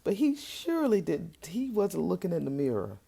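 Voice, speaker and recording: A woman giving casual, teasing reaction commentary from a hotel room, sassy and quick to laugh. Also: on the low side, huge pitch swings, vocal fry, mellow, breathy edge. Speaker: reaction video host.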